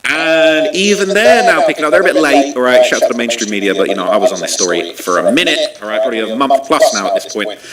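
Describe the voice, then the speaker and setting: A man's voice: mid-range voice, fast talker, hardly any pauses, a bit bright, reverberant, distant mic, rough recording. A man hosting a show, reacting to clips in emphatic casual commentary with rhetorical questions. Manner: emphatic, repeats points, asks rhetorical questions.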